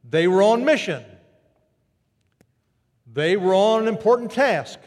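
A man preaching a sermon, animated and storytelling, who jumps his pitch up high to act out quoted greetings. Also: unhurried, in a large hall. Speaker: pastor.

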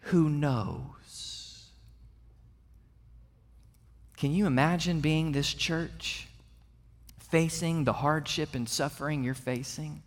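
A man preaching a sermon as pastor to his congregation, earnest and building to emphatic peaks. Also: a little high. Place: church sanctuary. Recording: long reverb of a large hall.

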